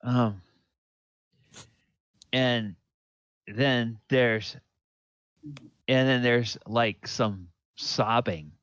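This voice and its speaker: A man narrating as game master of a tabletop game, unhurried, with fillers and pointing at the map. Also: medium pitch, a bit bright, dry recording, highs cut off.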